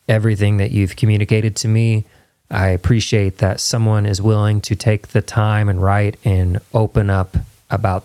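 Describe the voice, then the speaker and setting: A man's voice: on the low side, a little mellow, dry recording. A man hosting his own podcast, talking in an earnest, rambling, chatty way with a studio microphone. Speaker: podcast host. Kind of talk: casual solo intro then interview. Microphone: studio microphone with headphones.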